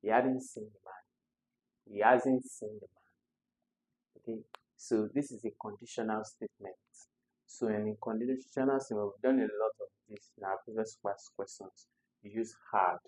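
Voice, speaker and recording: A man's voice: on the low side, steady tone, normal speed, a little mellow, rough recording. A man, tutoring students through English exam questions step by step and repeating the key words.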